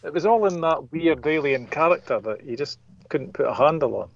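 A man's voice: fairly high pitch, lively intonation, a little fast, gravelly, lo-fi sound. A man chatting casually about a comic he loves, enthusiastic and a bit sweary, acting out the lines he quotes. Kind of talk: casual podcast chat.

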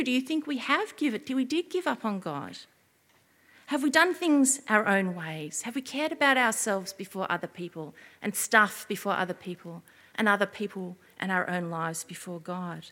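A woman giving an expressive children's sermon as a preacher, often asking her listeners questions. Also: fairly high pitch, big-room sound.

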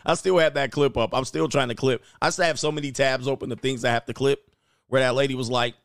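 A man's voice: medium pitch, steady tone, fast, no echo. Slangy middle-aged male commentator, dry sound. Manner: slangy, preachy, laughing asides. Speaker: host. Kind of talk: casual commentary.

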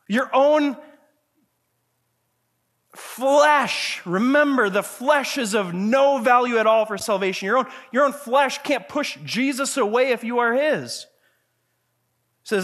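Earnest male pastor preaching conversationally. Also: normal speed. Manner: swings from quiet, low passages to loud, high emphatic questions. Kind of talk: sermon.

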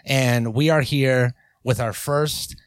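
A man's voice: medium pitch, steady tone, takes it slowly, smooth, dry recording. A man in his thirties co-hosting a casual comedic podcast, playful and hesitant with lots of fillers. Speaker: podcast co-host.

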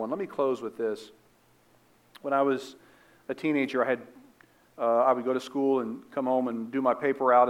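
A man preaching a sermon in an earnest manner, dropping soft and low for tender stories and rising to emphatic bursts, with asides and restarts. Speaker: pastor.

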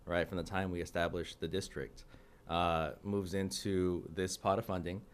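A man's voice: low voice, flat delivery, normal speed, clean tone. A young man from California, a city council member on a radio show, explaining policy earnestly with many fillers and restarts. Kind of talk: radio interview. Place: radio studio.

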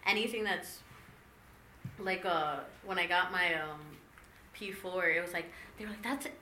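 A woman's voice: lowish voice, moderate pace, sharp tone. A young woman telling a story in casual group chat, chatty and full of fillers. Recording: echoey room, faint noise.

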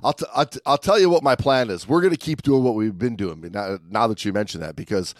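A man's voice: mid-range voice, quick pace, no echo, clean studio sound. Upbeat male podcast host. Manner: upbeat, stumbles and restarts, gives shout-outs. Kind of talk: casual chat.

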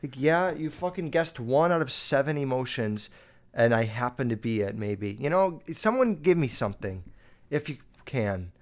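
A man hosting a podcast, telling a story in a rambling, foul-mouthed way, full of "like", his voice jumping up and down as he gets worked up. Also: normal speed. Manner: rambling, heavy swearing, lots of "like"; animated, jumping up and down in pitch while recounting. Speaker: podcast host. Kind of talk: casual storytelling monologue.

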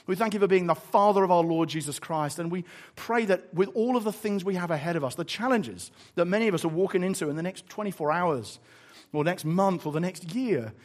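A man preaching a sermon, telling a story in an animated, emphatic way before closing in prayer. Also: high voice, fairly quick.

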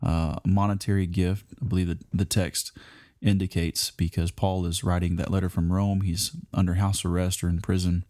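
This preacher teaches from the Bible as if preaching a sermon, his very low, mellow voice showing little pitch movement. He talks unhurriedly and conversationally, pausing on fillers and restarting lines, in a dry, close recording with no echo.

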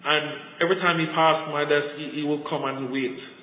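A man's voice: a little high, fairly even intonation, normal speed, bright, forceful tone. A man preaching a conversational sermon full of personal stories, often repeating words as he searches for them. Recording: echoey hall with faint noise.

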